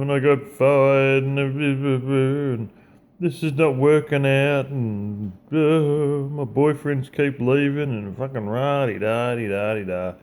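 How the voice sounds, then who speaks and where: A man's voice: medium pitch, darkish tone, clean tone. A man with an Australian accent giving a blunt, profane motivational rant in a casual, conversational way. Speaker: vlogger.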